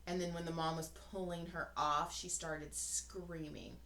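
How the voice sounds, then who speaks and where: A woman's voice: sits low, little pitch movement, measured pace, pushed and bright, a little hiss or hum. A woman in her forties co-hosting a podcast, telling a long story in casual chat, swearing freely and acting out what people said. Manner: rambling, swears freely, acts out quotes. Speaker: podcast co-host. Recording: roomy echo.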